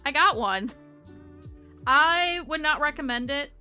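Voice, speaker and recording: Over soft background music, a young woman speaks high, animated and unhurried, with a bright, forceful tone. As she sketches a sewing pattern for her live stream, she chats loosely with viewers, addressing the chat and thinking aloud.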